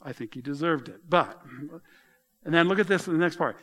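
Middle-aged man preaching, somewhat high voice, animated and mocking in asides. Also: brisk. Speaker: pastor. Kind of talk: sermon.

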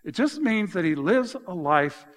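A man preaching a sermon as pastor, explaining scripture and telling animated stories with emphatic, lively delivery. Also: sits high, a little slow, in a large hall.

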